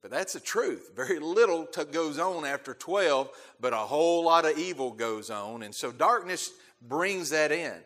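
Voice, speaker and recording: A man preaching a sermon as pastor, emphatic, repeating key phrases and swelling loud on key words before dropping to quiet asides. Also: on the high side, animated, normal speed, hardly any pauses. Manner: emphatic, repeats key phrases, quotes scripture in King James wording.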